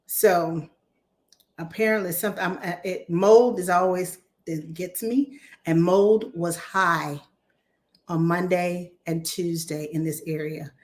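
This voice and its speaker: A woman speaks to her viewers in a slightly low voice that still carries some hoarseness from a bout of laryngitis. She rambles through her story with plenty of restarts and animated asides. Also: slow pace. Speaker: vlogger. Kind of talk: casual chatty talk to camera.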